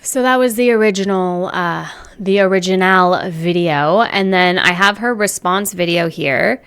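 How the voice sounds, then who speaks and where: A woman's voice: fairly low pitch, measured pace, a bit bright, clean tone. A woman hosting a commentary video, reacting with indignant, emotional ranting. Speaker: commentary channel host.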